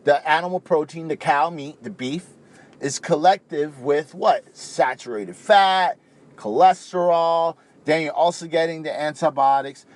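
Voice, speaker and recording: Animated man from the Caribbean. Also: on the high side, unhurried. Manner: rambling, animated, peppered with "you know". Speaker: vegan speaker. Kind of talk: casual talk to camera.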